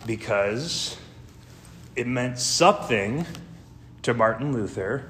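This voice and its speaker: A man as pastor, reading scripture and preaching a sermon in a church, slow, deliberate and earnest. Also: medium pitch, lively intonation, a bit bright, a little hiss or hum. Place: church sanctuary. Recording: echoey church room.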